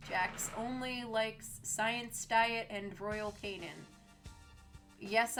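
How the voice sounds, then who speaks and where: A chatty young woman streams a game and answers her chat, with an easy laugh in her voice. Her pitch sits in the middle, and soft game music plays faintly behind her. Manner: chatty, laughs often, reads chat aloud. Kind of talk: casual gameplay stream chat.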